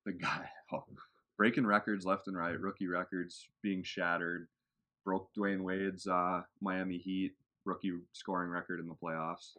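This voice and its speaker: A man's voice: low voice, flat delivery, measured pace, bright, forceful tone. A man hosting a casual sports podcast, talking in a laid-back, rambling way with plenty of fillers. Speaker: podcast host.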